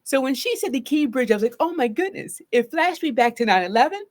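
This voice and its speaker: A middle-aged woman therapist speaks live to her viewers in a fairly high voice. Her pitch rises and falls widely as she explains, and she keeps checking in with a "right?". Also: quick pace. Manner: earnest, animated, often asks "right?". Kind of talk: live solo talk on trauma.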